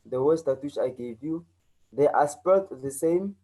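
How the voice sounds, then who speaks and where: A man's voice: a little high, moderate pace, dark tone, poor audio. A South African man teaching an online English lesson, repeating key points and checking in with his learners.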